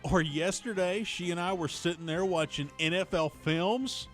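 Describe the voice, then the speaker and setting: A man, co-hosting a morning radio show and telling stories with animated laughter. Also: high voice, moderate pace, soft background music. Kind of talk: casual radio banter.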